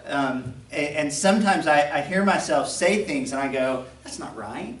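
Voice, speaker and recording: A man's voice: fairly high pitch, normal speed, fairly bright tone, roomy sound, recorded from a distance, a little hiss or hum. A man with a faint Southern American accent, preaching a sermon as pastor in a conversational way, with joking asides and acted-out quotes. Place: church sanctuary.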